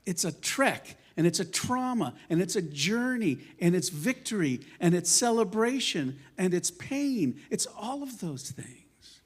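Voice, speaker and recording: Impassioned man preaching, lively high voice. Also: a little slow, few pauses, husky. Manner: impassioned, emphatic, swinging between loud declarations and quiet asides; conversational storytelling with self-deprecating humor. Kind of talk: sermon. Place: synagogue sanctuary.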